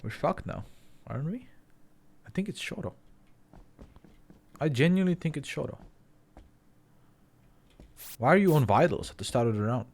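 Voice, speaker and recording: A man's voice: mid-range voice, expressive, moderate pace, long pauses, darkish tone. A man streaming a game, pressing others with questions and stumbling over restarts. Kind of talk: gaming chat.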